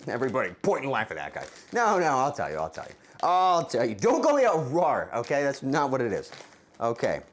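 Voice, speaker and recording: A man's voice: mid-range voice, huge pitch swings, a little fast, slight background noise. A man hosting a live cooking stream, chatting with viewers in a playful, teasing way. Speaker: streamer, cooking show host.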